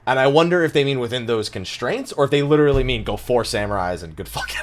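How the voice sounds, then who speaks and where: Brief: male podcast host, mid pitch, lively chat, cusses freely. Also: quick pace, slight background noise. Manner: animated, swears and laughs often.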